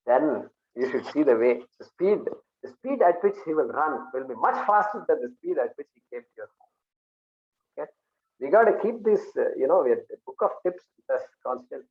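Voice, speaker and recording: A man's voice: a little high, big pitch swings, a little fast. A man teaching an informal class, talking conversationally and acting out little dialogues with jokes. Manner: conversational, jokey, acts out dialogues. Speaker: Vedanta teacher. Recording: tinny phone-like audio.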